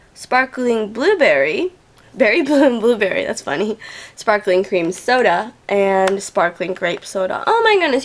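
Unboxing a package on camera at home, a young toy-channel host gushes and giggles her way through excited chatter. Her voice is mid-range, and there's slight background noise.

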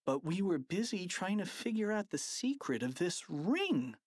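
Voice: mid-range voice, sing-song, unhurried, dry recording, pitched above the performer's own voice. An audiobook reader voicing a mischievous young schoolboy prankster, eager and bossy. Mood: scheming. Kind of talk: audiobook character voice.

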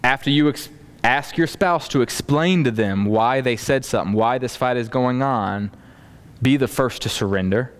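A man's voice: medium pitch, normal speed, smooth. A man preaching a sermon to a congregation, acting out everyday dialogue as he teaches. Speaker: pastor.

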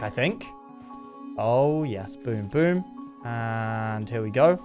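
Jumpy, animated gamer guy. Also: medium pitch, slow pace, music in the background. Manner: jumpy, excitable, talks to his horse, sudden yelps of fright. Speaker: gaming YouTuber. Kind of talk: live gameplay commentary.

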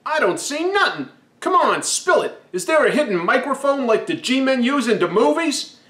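A man doing a squeaky cheeky kid. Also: big pitch swings, moderate pace, a bit bright, echoey room, exaggerated voice. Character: cheeky young boy, street kid.

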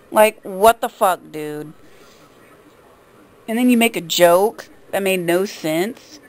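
A woman's voice: medium pitch, slow pace, pauses often, low-quality recording. A woman vlogger delivering a casual, indignant and sarcastic rant to the camera.

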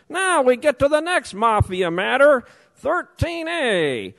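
Slow, sarcastic high-voiced man. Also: big pitch swings, gravelly, fairly bright tone, big-room sound, rough recording. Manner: sarcastic, accusatory, slow deliberate delivery. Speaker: public commenter. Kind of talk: public comment at a council meeting. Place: council chamber.

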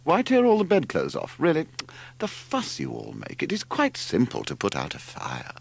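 A languid, self-important young man, as a male reader plays him, drawling with lofty superiority. The voice is lively in pitch and slightly gravelly, a storybook reading. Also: moderate pace, full character voice. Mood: haughty.

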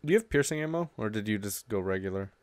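A man chatting casually with a friend while playing a multiplayer factory game, excitable and quick to banter. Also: fairly low pitch, no room sound. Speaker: co-host gamer.

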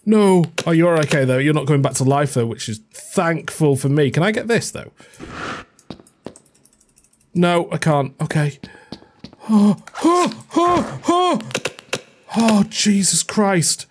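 Horror let's play streamer, woman, slow speech that leaps into yelps, faint game music underneath. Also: fairly low pitch, lively intonation, slight background noise. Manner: jumpy, swears and yelps in fright. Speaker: gaming video creator.

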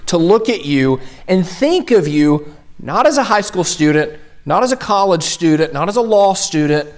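A young man from Tennessee explains courtroom tips in a relaxed, conversational way. His voice sits a little high for a man, and he keeps checking in with his listeners. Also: normal speed. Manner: conversational, keeps asking "right?". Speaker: mock trial coach. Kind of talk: instructional video talk.

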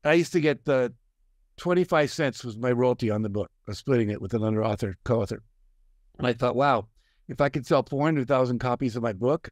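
Older man telling lively stories, dry mic. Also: mid-range voice, no echo. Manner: animated storyteller, acts out quoted voices. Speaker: guest, success coach and author. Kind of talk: storytelling in a conversation.

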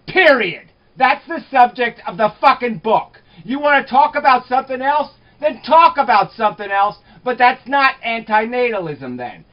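A woman arguing heatedly, swearing and shouting at the people around her. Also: fairly high pitch. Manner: profane, shouting, combative. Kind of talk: heated argument. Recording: muffled lo-fi recording.

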